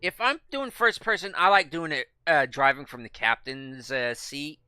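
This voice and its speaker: Male gaming commentator, bright and crisp tone, casual, rambling with fillers. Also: on the high side, normal speed, no room sound. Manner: rambling, thinks aloud with many fillers and restarts. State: speaking with his mouth full. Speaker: gaming video creator.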